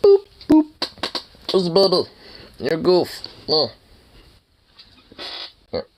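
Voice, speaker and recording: A man's voice: high-pitched, wildly swooping pitch, very slow, a little mellow, slight background noise, poor audio. A young man at home chatting to his dog while brushing it, teasing and playful with crude swearing. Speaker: dog owner vlogger.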